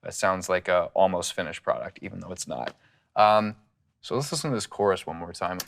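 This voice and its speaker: A man's voice: low voice, brisk, vocal fry. Laid-back man in a studio. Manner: relaxed, rambling with many fillers. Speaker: music producer. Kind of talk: casual studio tutorial. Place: home music studio. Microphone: studio condenser mic.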